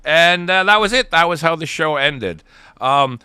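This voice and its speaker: Middle-aged male co-host, eager casual reviewer, bright crisp tone. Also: a little high, animated, unhurried, no echo, studio quality. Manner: enthusiastic, retells promos in quoted voices. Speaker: podcast co-host. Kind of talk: casual wrestling review chat.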